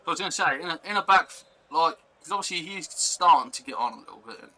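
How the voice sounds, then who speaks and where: A man's voice: a little high, lively intonation, fast talker, bright, forceful tone, rough recording. A young man chatting casually on a live stream, rambling and reacting to chat and gameplay.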